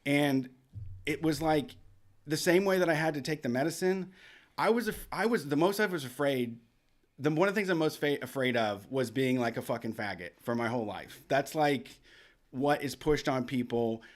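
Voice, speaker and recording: A man's voice: on the high side, expressive, normal speed. Profane rambling man telling a story. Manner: profane, rambling, with lots of restarts. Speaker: podcast host. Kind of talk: casual storytelling.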